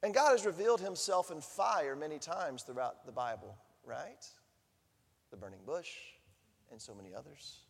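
A man preaching a sermon, animated, swinging from hushed lines to booming ones. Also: moderate pace, gravelly, breathy edge, long reverb tail. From Southern United States. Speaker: pastor.

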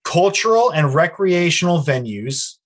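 A fairly high-voiced American man co-hosting a loose, foul-mouthed podcast. He reads news items aloud and breaks off into crude, animated rants between them. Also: unhurried, breathy edge. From United States. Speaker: podcast co-host. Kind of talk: casual profane podcast chat. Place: Los Angeles area.

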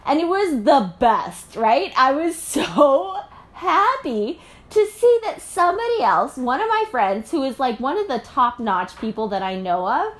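Animated, chatty high-voiced woman. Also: unhurried. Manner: animated and chatty, full of filler and laughter. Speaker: mother. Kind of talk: casual reflective monologue.

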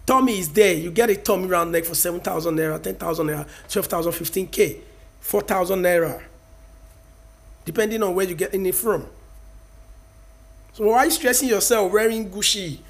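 High-voiced Nigerian vlogger in his thirties, lecturing viewers with emphatic, preachy energy. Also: normal speed, creaky, pauses often. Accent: Nigerian, Yoruba-speaking. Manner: emphatic, preachy, mixes in Yoruba. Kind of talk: casual opinion rant to camera.

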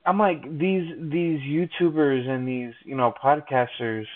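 A man's voice: mid-range voice, measured pace. Joking podcast host man, tinny sound. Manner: joking, teasing, rambling. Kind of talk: casual podcast banter.

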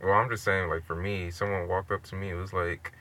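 A young man co-hosting a podcast in a car, telling a story in relaxed slang full of "like". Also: deep voice, a little fast, slight background noise. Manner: relaxed slang, many "like" fillers. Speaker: podcast co-host. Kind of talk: casual storytelling chat. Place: inside a car.

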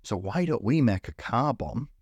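A man's voice: medium pitch, expressive, normal speed, darkish tone, breathy edge, no echo, highs cut off. A man co-hosting a casual podcast, recapping a film with lots of swearing and put-on character voices. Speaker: podcast co-host.

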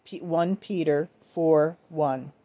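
A woman reading a devotional text aloud in a slow, earnest, gentle manner. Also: low-pitched, dull audio. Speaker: devotional reader.

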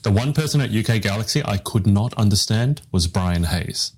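Male host, lowish voice, rambling casual storyteller, live interview on a video call. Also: animated, normal speed. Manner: rambling, self-deprecating storyteller with restarts.

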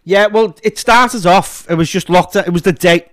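Guest: Scouse man, slightly high voice, casual and sweary. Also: normal speed, dry recording, studio quality. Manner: loose, sweary storytelling. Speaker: comedy character creator, guest. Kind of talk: casual podcast chat.

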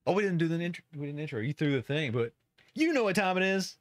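Wry playful man, lively pitch. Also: fast, no room sound, studio quality. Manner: wry, playful, deadpan asides. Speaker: podcast co-host. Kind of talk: casual chat.

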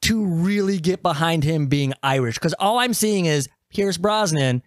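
A man's voice: on the high side, a little slow, no room sound, studio quality. A man co-hosting a movie podcast, leading a casual discussion and steering it back on track. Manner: steers the talk, animated and emphatic. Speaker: podcast co-host.

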